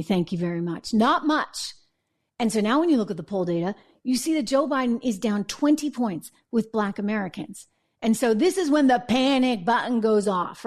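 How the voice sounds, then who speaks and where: A woman's voice: fairly high pitch, darkish tone. A woman hosting a political talk show, delivering an emphatic, conversational opinion monologue and checking in with viewers. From New England. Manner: emphatic, conversational, asks viewers "right?" and "okay?".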